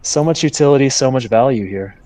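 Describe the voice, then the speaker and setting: Animated man in casual crypto chat. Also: medium pitch, brisk, no echo. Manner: animated, emphatic, stammering restarts. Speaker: podcast co-host.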